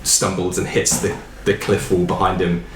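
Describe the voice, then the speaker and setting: A man narrating a tabletop game as dungeon master, in a relaxed, rambling way with fillers. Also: sits low, moderate pace, echoey room, a little hiss or hum.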